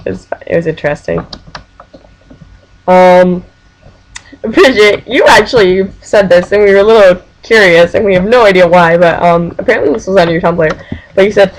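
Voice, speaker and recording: A woman's voice: fairly low pitch, moderate pace, poor audio. A young adult woman, a team captain, talking casually to her webcam in a rambling, giggly way. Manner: chatty and rambling, with giggles and voiced-out quotes.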